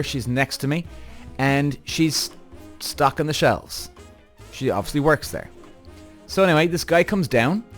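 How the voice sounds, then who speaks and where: Animated man ranting to listeners. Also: fairly high pitch. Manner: animated, addresses audience directly, frequent swearing and acted-out quotes. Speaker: podcast host. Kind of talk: storytelling rant to listeners.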